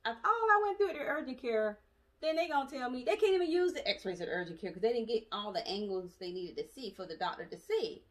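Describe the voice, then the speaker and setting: A young adult woman telling her story in a casual, animated vlog, chatty and full of asides. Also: a little high, quick pace. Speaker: vlogger. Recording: voice distant from the mic.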